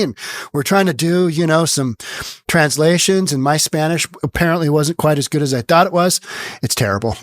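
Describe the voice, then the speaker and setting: A man's voice: a little high, dry recording, studio quality. A man hosting a political commentary monologue, talking casually and sarcastically and repeating words for emphasis. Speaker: host.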